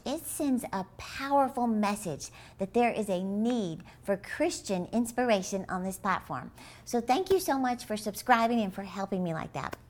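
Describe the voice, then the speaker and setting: A woman giving an animated Christian motivational talk, telling stories with emphasis and repeating key phrases. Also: on the high side. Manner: lively, expressive, storytelling with emphasis. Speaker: Christian inspirational speaker.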